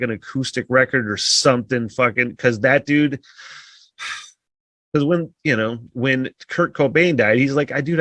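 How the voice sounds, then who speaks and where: A man's voice: medium pitch, fairly bright tone, no echo. Sighing, swearing man on a podcast. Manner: rambling, heavy swearing, frequent sighs. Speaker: podcast host. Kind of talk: casual solo podcast monologue.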